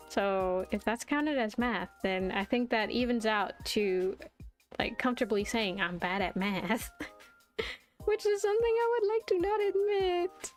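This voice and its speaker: Giggly young woman chatting on stream. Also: fairly high pitch. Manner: giggly, self-deprecating, rambling with restarts. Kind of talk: casual live-stream chat while drawing.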